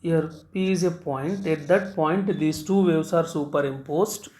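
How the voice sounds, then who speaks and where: Slow, halting male physics teacher. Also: on the high side, darkish tone. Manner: halting, frequent "uh" before key terms, repeats phrases. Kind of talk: recorded physics lecture at a board. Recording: echoey room.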